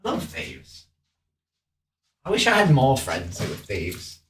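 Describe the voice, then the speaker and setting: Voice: deep voice, huge pitch swings, unhurried, husky. An adult in their thirties, a vegan activist streamer, joking and swearing casually before asking strangers earnest, persuasive questions on a video chat. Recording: noisy webcam audio.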